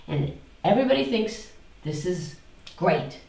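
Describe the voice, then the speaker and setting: A woman spiritual teacher leading a class, animated, repeating phrases in mock voices and asking the students questions. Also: fairly low pitch, measured pace, creaky. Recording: echoey room, mic far off.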